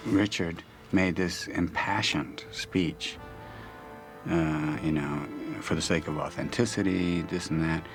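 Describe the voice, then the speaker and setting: A man's voice: low voice, fairly even intonation, takes it slowly, soft background music. A man in a documentary interview, telling a self-mocking story about a shoot and laughing often. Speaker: actor recalling a shoot. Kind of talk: casual interview anecdote.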